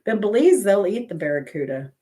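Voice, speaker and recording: A woman's voice: mid-range voice, very animated, fast, warm tone. A woman hosting a trivia channel, chatting casually and wandering through travel anecdotes, correcting herself as she goes. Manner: rambling travel anecdotes with self-corrections and laughs. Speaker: host of a music trivia channel. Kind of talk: casual chat.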